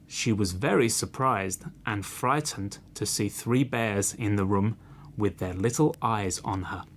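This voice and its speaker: A man narrating a children's storybook in an expressive, deliberate read. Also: on the low side, slight background noise. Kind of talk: slow storybook reading.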